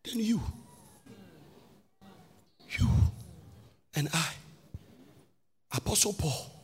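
A man's voice: high voice, expressive, very slow, a bit bright, a little hiss or hum. A man preaching a sermon as a pastor, in a sing-song cadence full of questions to the congregation. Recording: long hall reverb with faint music.

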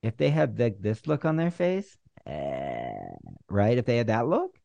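A man teaching screenwriters how to pitch, acting out both sides of a pitch meeting and pausing on purpose. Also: huge pitch swings, creaky, warm tone, no room sound. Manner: uses deliberate pauses. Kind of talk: instructional talk.

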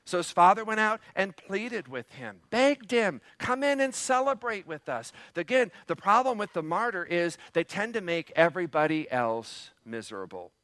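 A man's voice: sits high, big pitch swings, normal speed, hardly any pauses, fairly bright tone, no room sound. A man preaching a sermon as pastor, in a conversational way with frequent fillers. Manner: leans into acted quotes.

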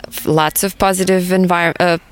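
A woman host reciting a memorized list, soft-spoken and hesitant, pausing with fillers as she recalls each item. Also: lowish voice, fairly even intonation, clean tone. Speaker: podcast host.

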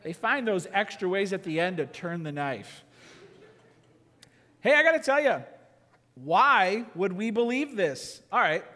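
Guy pastor preaching, pretty high voice, lots of punchy questions, big church echo. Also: unhurried, pauses often. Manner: rhetorical questions, emphatic and lively. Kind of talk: sermon. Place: church sanctuary. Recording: long church reverb.

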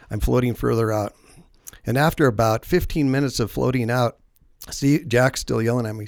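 A man's voice: medium pitch, normal speed, creaky, a little mellow, no echo, studio quality. A man hosting a casual faith-based podcast, telling rambling, self-deprecating stories. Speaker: podcast host.

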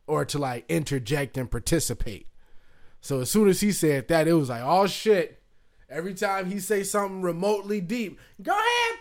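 A man hosting a podcast, telling a casual story loosely with lots of fillers and swearing, acting out other people's voices. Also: a little high. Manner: loose, profane, full of fillers, acts out voices. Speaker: podcast host.

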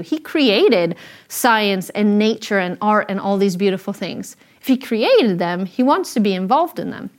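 A woman's voice: medium pitch, lively intonation, measured pace. A woman in her thirties giving an earnest, conversational Christian talk, telling stories with frequent ums and restarts. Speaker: speaker sharing a Christian talk. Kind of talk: informal sermon talk with stories.

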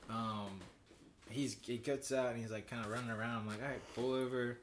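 A young man rambles through a story on a casual podcast, with "like" in every line and swearing throughout. He speaks at an ordinary middle pitch and laughs between phrases. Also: fairly even intonation, a little fast, a little hiss or hum. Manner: rambling, heavy on "like" and swearing, laughs while telling. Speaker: podcast host.

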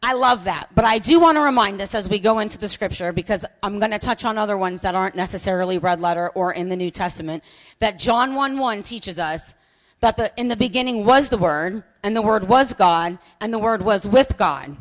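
A woman pastor preaching a sermon with lively storytelling, raising her voice to a shout at its peaks, in a church sanctuary. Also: mid-range voice, a little fast. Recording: long reverb of a large hall.

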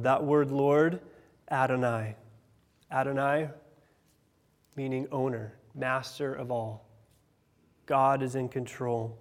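A man in his thirties preaching a sermon as pastor, earnest, rising loud on key phrases and dropping soft on others. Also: on the high side. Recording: long hall reverb.

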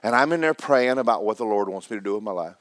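A man preaching a sermon, loud and emphatic at times and sinking to a hushed near-whisper at others. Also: on the low side, animated, fast talker, no echo, clean studio sound.

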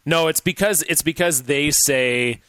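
A man's voice: on the high side, unhurried, no room sound. A Canadian man from Ontario co-hosting a podcast, chatting casually and loosely with lots of filler words. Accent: Canadian English. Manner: chatty, many "like" fillers, animated asides. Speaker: podcast co-host. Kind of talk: casual chat.

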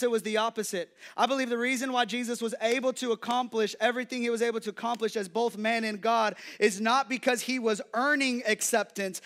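A young adult male pastor preaching an energetic sermon, joking and calling out to the congregation. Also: extremely high pitch. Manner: energetic, playful preaching with audience call-outs.

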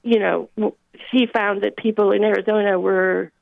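A woman's voice: mid-range voice, fairly even intonation, moderate pace, vocal fry, no echo. A woman calling in to a radio show, talking thoughtfully with many fillers. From Midwest. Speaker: caller. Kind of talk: call-in radio chat. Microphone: telephone. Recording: tinny phone line.

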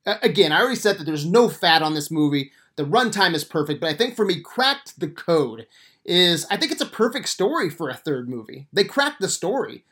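Dude ranting about a movie on his podcast, swears a lot, all excited. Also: on the high side, brisk. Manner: profane, enthusiastic, rambling with fillers. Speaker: podcast host. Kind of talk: casual movie review podcast.

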